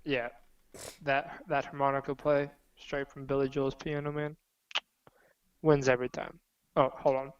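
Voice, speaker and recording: A man's voice: mid-range voice, level tone, measured pace, long pauses, clear, resonant tone. A man playing in a tabletop game, speaking hesitantly with lots of fillers. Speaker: player. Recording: dull lo-fi audio.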